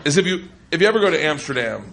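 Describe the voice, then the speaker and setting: A man doing stand-up storytelling on a comedy club stage, loud and animated, laughing as he tells it. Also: a little high, rapid-fire, vocal fry. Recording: loud noisy live recording.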